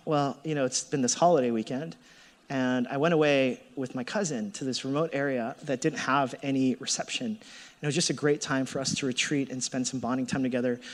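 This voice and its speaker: A man in his thirties preaching a sermon as a pastor, telling a personal story with animated delivery and acting out his own thoughts. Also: medium pitch. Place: church hall. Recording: long hall reverb.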